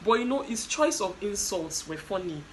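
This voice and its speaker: A woman's voice: medium pitch, very animated, normal speed, a little hiss or hum, poor audio. A woman casually recapping a reality show, chatty, with fillers and quoted asides.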